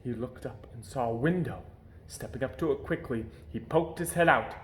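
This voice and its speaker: A man reading a children's storybook aloud with expressive storytelling, at home. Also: medium pitch, normal speed, roomy sound. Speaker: storybook reader. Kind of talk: children's book read-aloud. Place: home during quarantine.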